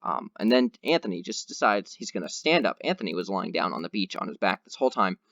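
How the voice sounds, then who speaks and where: A man's voice: deep voice, big pitch swings, fast, fairly bright tone, no room sound, lo-fi sound. A man hosting a podcast, telling a long rambling anecdote in casual chat with lots of fillers. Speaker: podcast host.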